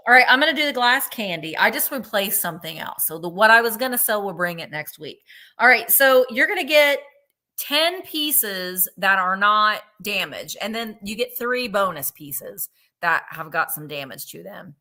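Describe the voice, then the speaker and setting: A woman's voice: medium pitch, lively intonation, moderate pace, pushed and bright. A woman co-hosting a live sale, chattily walking through each lot. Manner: chatty, upbeat selling. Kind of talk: livestream sales pitch.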